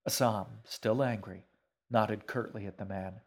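A man reading a story aloud as narrator, in an even, unhurried manner. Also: on the low side. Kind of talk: audiobook narration.

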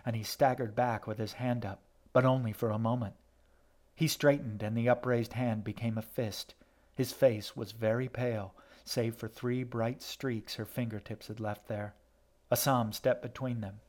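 A man reading a story aloud in steady, even scripted narration. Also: medium pitch.

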